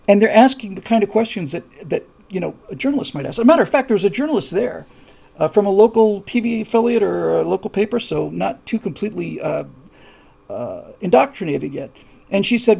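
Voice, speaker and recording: Hosting a live show, this man has a fairly high, gravelly voice and an animated, slightly fast delivery. His story is full of fillers and restarts, shifting from low, quiet asides to heated, repeated emphasis.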